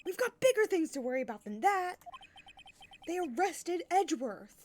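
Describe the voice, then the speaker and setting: A woman voicing an excitable, cheerful young woman sidekick, speaking eagerly and emphatically. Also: very high voice, moderate pace, a little hiss or hum, pitched above the performer's own voice.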